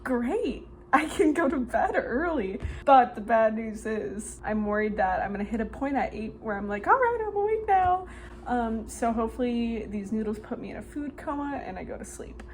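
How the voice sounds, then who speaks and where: A woman's voice: on the high side, normal speed, hardly any pauses. Chatty young woman vlogger, faint noise. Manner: chatty, joking, self-mocking. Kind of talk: casual vlog chat.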